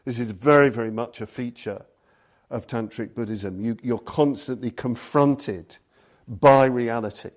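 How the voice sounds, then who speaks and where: A man's voice: medium pitch, measured pace. A man giving a Buddhist dharma talk, telling stories and reading passages aloud. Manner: storytelling, reads passages aloud. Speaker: Buddhist teacher.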